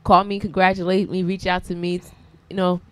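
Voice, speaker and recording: A woman's voice: on the low side, little pitch movement, brisk, crowd noise. A woman talking sports on a radio show, boastful and teasing. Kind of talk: casual call-in radio chat.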